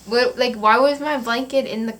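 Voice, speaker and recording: A teenage girl chats her way through a storytime, relaxed and rambling. She giggles often and leans on lots of fillers as she goes. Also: fairly high pitch, moderate pace. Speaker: vlogger. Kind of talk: casual storytime.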